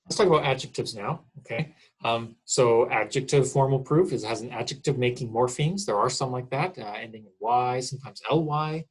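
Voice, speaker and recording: A man's voice: mid-range voice, a little fast, husky, poor audio. A middle-aged man, a college English instructor, explains grammar in a casual recorded lecture, often checking in with "okay?".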